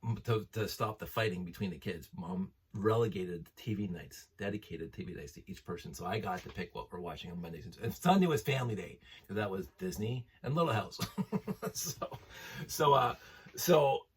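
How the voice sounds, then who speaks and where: A man's voice: lowish voice, normal speed, recorded from a distance, a little hiss or hum. A man in his fifties chatting casually as host, rambling and enthusiastic, laughing often as he talks. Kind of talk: casual chat.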